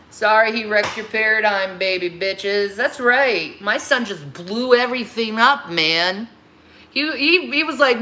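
A woman in her thirties rants on a livestream, talking back to her critics in a heated, confrontational way. Her voice sits a little high and comes out bright and forceful. She hammers her points by repeating the same phrases. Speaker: livestream host. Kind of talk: angry livestream rant answering critics.

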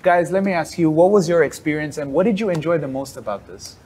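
A man's voice: fairly high pitch, fast talker, darkish tone. Upbeat man hosting a product chat. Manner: upbeat, promotional, laughing easily. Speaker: host. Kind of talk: live-stream product chat.

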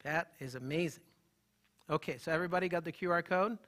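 A man, a holistic health practitioner, gives an animated, emphatic live talk and banters with the audience in the room. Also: on the high side, quick pace.

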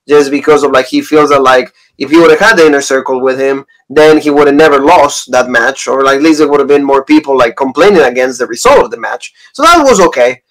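A man's voice: medium pitch, quick pace, few pauses, poor audio. A man hosting a wrestling review show in casual chat, leading segments and summing up. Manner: leads segments and sums up.

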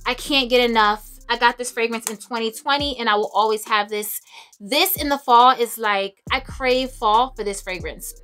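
A young woman chatting casually to camera about her favorite fragrances, expressive and laughing often. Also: on the high side, moderate pace, clean tone, faint music behind. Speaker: beauty and fragrance vlogger.

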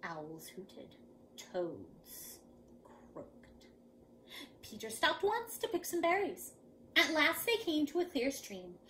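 Lady doing kids storytime, higher voice, swoops up and down a lot. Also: measured pace, a little hiss or hum. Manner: animated, dramatic. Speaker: children's storyteller. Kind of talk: reading a picture book aloud to children.

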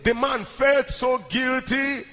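A man preaching a fervent sermon in a very high, bright voice. He rises into shouts and rhythmic chanting. The sound rings with long hall reverb. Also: little pitch movement, takes it slowly, faint music behind.

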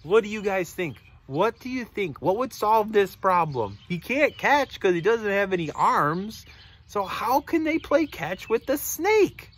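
A man's voice: sits high, a little slow. A man reading a picture book aloud to children, stopping to ask them questions. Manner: animated, asks listeners questions. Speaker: storybook reader.

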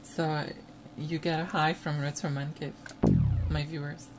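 A woman hosting a retro gaming video, reacting loudly to the game with laughs, gasps and exclamations. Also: sits low, flat delivery, unhurried. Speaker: gaming channel host. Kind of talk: excited let's-play commentary. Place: home, playing retro computer game. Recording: game music loud behind.

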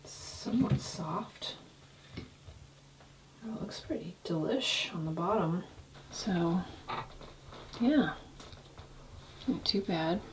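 A woman with a slow, easygoing delivery talks casually to the camera. She sometimes drops to a near-whisper and speaks gently to her dog. A faint hiss sits under her voice in a small cabin. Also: on the low side. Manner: relaxed and unhurried, softly talks to her dog. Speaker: vlogger. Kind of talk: casual vlog narration. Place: small off-grid wooden cabin, indoors.

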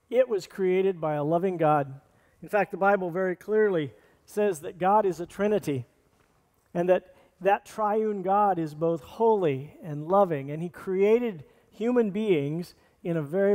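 Pastor guy preaching, kinda high voice, plain and earnest, church hall echo hanging on everything. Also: unhurried, darkish tone. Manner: earnest, plainspoken preaching with restarts and scripture readings. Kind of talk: sermon. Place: church sanctuary.

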